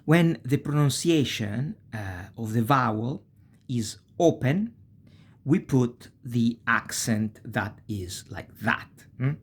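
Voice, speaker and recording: Guy with a husky voice explaining a language lesson, keeps tossing in "eh?" to check you're following, says example words slow and careful. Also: medium pitch, lively intonation. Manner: checks in with the listener with short "eh?" and "okay?" tags; says Italian example words slowly and deliberately. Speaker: Italian language teacher.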